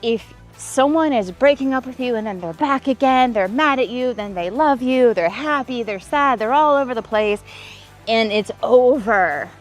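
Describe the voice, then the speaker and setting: A fairly high-voiced woman talks straight to her viewers in a personal vlog. She acts out quoted back-and-forth with lively emphasis and stacks up points in emphatic lists. Faint music plays underneath. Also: normal speed. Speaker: relationship coach. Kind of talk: personal vlog storytelling with advice.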